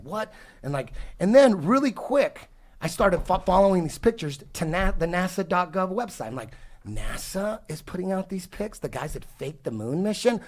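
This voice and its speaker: A man in his forties telling a long story in casual podcast talk, profane and rambling with many restarts. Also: on the high side. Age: 40s. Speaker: podcast guest. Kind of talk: casual conversation.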